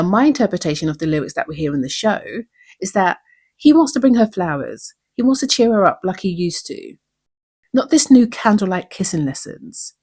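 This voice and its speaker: A YouTube recap host analyzes a TV episode with heartfelt emotion and frequent rhetorical questions. Her fairly low voice sounds a little mellow and slightly rough.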